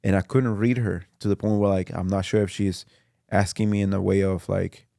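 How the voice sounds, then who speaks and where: A man telling a personal story on a podcast, halting and repeating his words often. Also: sits low, steady tone, vocal fry, warm tone, dry recording, studio quality. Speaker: podcast guest. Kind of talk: casual storytelling.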